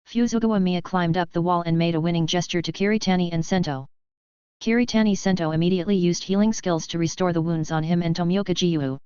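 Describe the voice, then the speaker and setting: Smooth low-voiced woman narrating an audiobook. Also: darkish tone, dry recording, muffled recording. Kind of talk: plain narration of a translated web novel.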